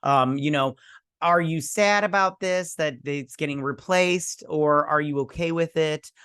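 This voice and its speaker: Vlog host, male, bright forward tone, blunt offhand chatter. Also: a little high, a little slow, smooth. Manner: chatty and blunt, with fillers and asides. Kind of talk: casual news reaction vlog.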